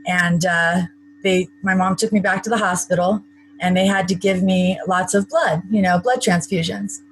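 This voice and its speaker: A woman's voice: lowish voice, fairly even intonation, moderate pace, slight background noise, rough recording. A woman being interviewed, recounting a personal story in a chatty, matter-of-fact way with wry asides. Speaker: interview guest.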